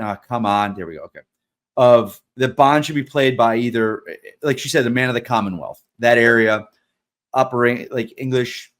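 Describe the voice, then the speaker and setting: A man's voice: mid-range voice, a bit bright. A man co-hosting a casual podcast who gives his opinions freely and often restarts his sentences. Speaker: podcast co-host.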